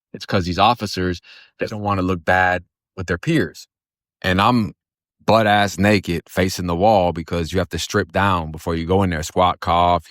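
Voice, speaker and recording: A man's voice: deep voice, no room sound, clean studio sound. A man from Florida telling his own story in a blunt, profane, streetwise way. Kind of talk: casual spoken storytelling.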